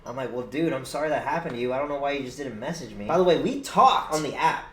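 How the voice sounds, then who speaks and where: A young man streamer telling a story in casual chat, animated and swearing a lot. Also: medium pitch, fast. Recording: roomy echo, faint noise.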